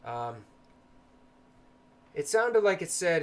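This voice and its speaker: Soft-spoken man hosting a livestream. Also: on the high side, very animated, a little slow. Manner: soft-spoken, hesitant with many ums. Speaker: paranormal livestream host. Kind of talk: casual livestream talk.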